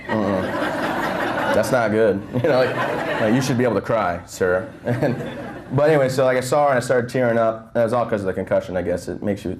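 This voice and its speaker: At a breakfast event hall, a guest speaker with a mid-range voice delivers a motivational talk, talking fast and telling jokey, filler-heavy stories to the crowd. Background noise is present, and his close-held handheld mic picks up his nose breathing.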